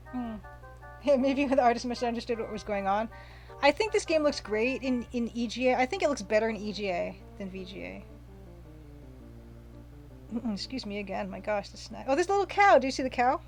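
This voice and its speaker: A woman's voice: a little high, lively intonation, moderate pace, pauses often, soft background music. A woman casually commenting while streaming a retro game, chatting, reading viewer comments aloud and gushing over the pixel art.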